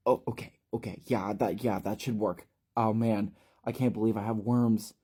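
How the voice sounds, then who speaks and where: A man's voice: fairly low pitch, steady tone, moderate pace, warm tone, breathy edge. A man voicing a panicky, irritable teenage boy who stammers and snaps, in a storytelling recap. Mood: agitated. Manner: agitated, jittery, stammering.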